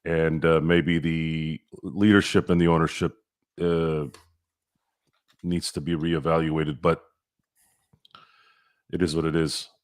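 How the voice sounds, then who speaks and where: A man with a very low, deep voice talks sports on a podcast. He is blunt and opinionated and doesn't mind getting crude. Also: level tone, slow pace, pauses often, clean tone. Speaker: podcast co-host. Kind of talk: casual sports chat.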